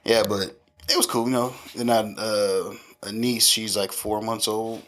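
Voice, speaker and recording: A man around thirty, a podcast co-host, casually telling profane, animated stories about his family and often laughing. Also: lowish voice, a little slow. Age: 30s. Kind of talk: casual chat.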